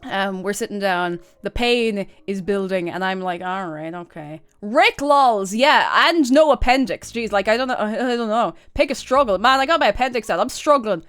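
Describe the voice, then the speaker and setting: A woman's voice: mid-range voice, animated, moderate pace, hardly any pauses, fairly bright tone, clear, resonant tone. An Irish woman streamer chatting casually and telling a story, laughing often and rambling through asides.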